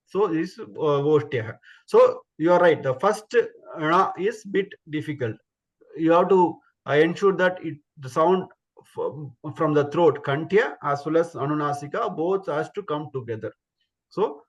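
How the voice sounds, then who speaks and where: Guy teaching sounds online, higher voice, repeats each syllable patiently. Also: moderate pace, highs cut off. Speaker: Sanskrit pronunciation teacher. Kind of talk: online class instruction.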